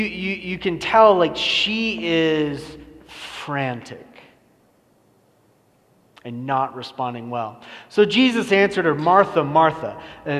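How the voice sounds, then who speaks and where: Pastor with a fairly high voice in a reverberant hall. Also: male voice. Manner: casual, self-deprecating, many fillers and restarts. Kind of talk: conversational sermon. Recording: long reverb of a large hall.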